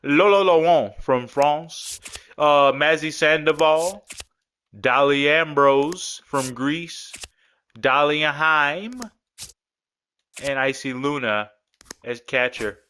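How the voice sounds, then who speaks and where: A man's voice: on the high side, slow, pauses often, bright, forceful tone, slight background noise. A man giving casual, rambling commentary as a gaming creator, talking through his game creations in a laid-back, joking way. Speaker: gaming YouTuber.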